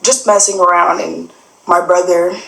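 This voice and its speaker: A young adult woman with a somewhat low voice tells a personal story in a loose, rambling way, leaning on fillers and acting out quoted conversations. The recording carries a noticeable roomy echo. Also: level tone, normal speed, creaky, sharp tone. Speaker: guest sharing a personal story.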